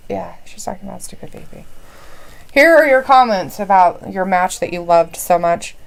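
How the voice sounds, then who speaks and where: A woman's voice: mid-range voice, animated, moderate pace, creaky, rough recording. A woman co-hosting a live wrestling watch-along stream, swearing bluntly and reading viewer comments aloud. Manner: profane, blunt, reads chat comments aloud.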